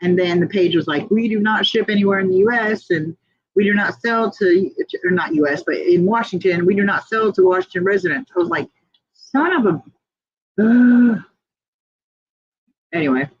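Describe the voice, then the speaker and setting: A woman's voice: medium pitch, expressive, brisk, vocal fry, breathy edge, dry recording, lo-fi sound. A woman hosting a casual livestream, chatting, laughing often and reading viewer comments aloud. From United States. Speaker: livestream host.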